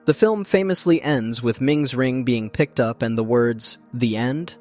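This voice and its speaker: A man reading scripted documentary narration in a measured, even storytelling manner, as a close studio voice-over. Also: medium pitch. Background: faint background music.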